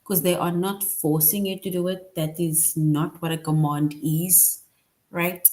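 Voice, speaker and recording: Slow, patient woman teaching young kids. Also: on the low side, steady tone, darkish tone. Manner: patient, repeats points, tags "right?" often; slow, deliberate. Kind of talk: online lesson for young children.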